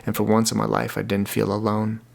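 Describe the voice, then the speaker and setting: A man's voice: on the low side, monotone, fairly quick, gravelly. A young man hosting his own podcast, talking alone in an earnest, rambling way and often repeating words as he restarts. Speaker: podcast host. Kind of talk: casual solo podcast monologue.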